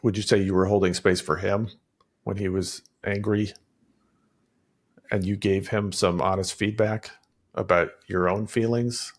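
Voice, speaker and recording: A man co-hosting a podcast who asks follow-up questions and adds relaxed, encouraging remarks, sometimes stumbling over his restarts. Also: lowish voice, unhurried, long pauses. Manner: laid-back, encouraging, stammers on restarts. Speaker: podcast co-host. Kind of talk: casual podcast conversation.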